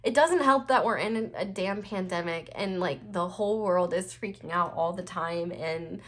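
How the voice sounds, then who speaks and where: A woman's voice: fairly low pitch, normal speed. A young woman giving a casual, reassuring tarot reading, talking earnestly with many fillers, her nose stuffed up and close to tears. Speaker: tarot reader.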